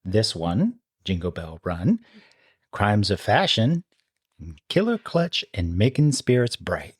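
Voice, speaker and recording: A man's voice: on the low side, big pitch swings, takes it slowly, slightly rough. A man co-hosting a podcast in casual chat, easygoing and agreeable while reading credits. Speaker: podcast co-host.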